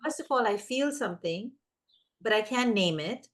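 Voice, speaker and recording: A woman giving parenting advice in casual conversation, animated and acting out the voices of children and parents. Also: fairly high pitch, normal speed. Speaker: parenting guest expert.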